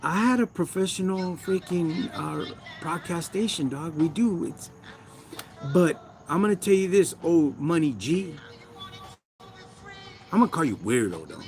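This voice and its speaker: Man, chicano accent, gravelly, preachy slang rant to live chat. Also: fairly high pitch, expressive, a little slow, a little mellow, faint music behind. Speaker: livestream host. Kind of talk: casual livestream rant. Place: backyard.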